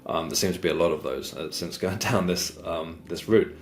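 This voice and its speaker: A man's voice: sits low, fairly even intonation, moderate pace. A man recounting a personal spiritual experience in a conversational, earnest way, often repeating words and restarting sentences. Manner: earnest, reflective. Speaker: guest sharing a spiritual experience.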